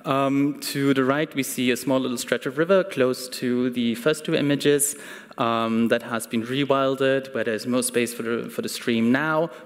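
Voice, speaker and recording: A man giving a measured symposium talk, pausing often with ums and restarts. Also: mid-range voice. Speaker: conference speaker. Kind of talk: academic presentation. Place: conference hall. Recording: reverberant hall.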